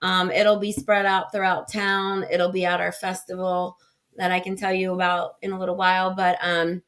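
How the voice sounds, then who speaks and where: A woman's voice: fairly low pitch, completely flat delivery, moderate pace, fairly bright tone. Earnest woman, podcast guest. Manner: earnest, explains in detail with many fillers and restarts. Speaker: executive director of a foundation, podcast guest. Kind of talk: casual interview conversation.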